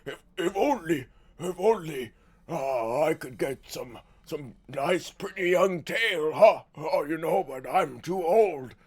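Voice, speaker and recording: A man's voice: fairly high pitch, animated, slow, husky, full character voice. Parody bit: male streamer doing a doddering old man who stutters through every line. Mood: mocking. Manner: stammering, quavering.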